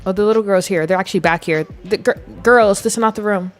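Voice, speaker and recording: A woman's voice: medium pitch, fast, faint music behind. A woman in her twenties giving chatty, giggly live commentary as she plays a game and talks to her viewers. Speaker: game streamer. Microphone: desk mic.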